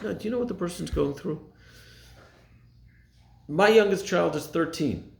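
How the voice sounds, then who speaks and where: A man's voice: on the high side, sing-song, moderate pace, gravelly, long pauses, reverberant. A man in his forties, a rabbi, giving an earnest, emphatic motivational talk and repeating phrases for stress.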